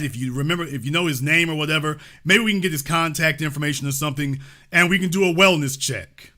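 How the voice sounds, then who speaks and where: Bright-voiced man hosting a call-in show. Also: on the high side. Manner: casual, repetitive, restates lines. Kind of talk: live call-in talk show.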